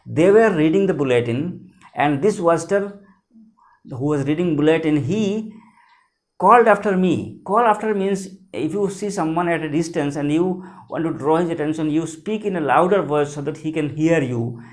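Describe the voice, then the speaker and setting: A man, teaching a lesson and explaining words slowly and repetitively, spelling some out letter by letter. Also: a little high. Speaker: English teacher.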